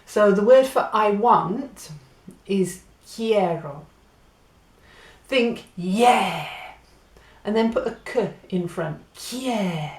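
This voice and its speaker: A woman's voice: mid-range voice, lively intonation, drawn-out words, pauses often, roomy sound. A woman from Great Britain giving a patient spoken language lesson, spelling out and repeating words. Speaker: Spanish teacher.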